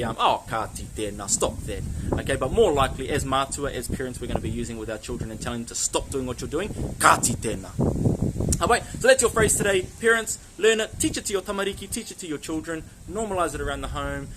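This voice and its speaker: A man with a New Zealand accent hosting a casual language lesson, chatty, slowly repeating phrases for learners to copy. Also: mid-range voice, expressive, background noise. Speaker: language teacher and host.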